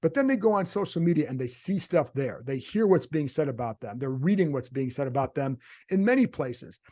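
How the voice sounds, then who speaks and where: Talking conversationally through his views, this male sports reporter and podcast host answers his own rhetorical questions in a solo show. His voice is mid-range, expressive and mellow, at a fairly quick pace.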